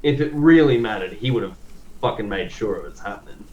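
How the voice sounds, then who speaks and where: A man's voice: on the low side, animated, fairly quick, darkish tone, highs cut off. A man co-hosting a podcast, chatting loosely, swearing and riffing on the story. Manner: swears, riffs with playful put-on voices. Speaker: podcast co-host. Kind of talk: casual comedic chat.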